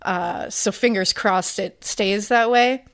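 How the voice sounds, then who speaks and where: A woman's voice: mid-range voice, slow pace. Chatty woman, podcast co-host. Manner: rambling, emotional storytelling with many fillers. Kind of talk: casual chat.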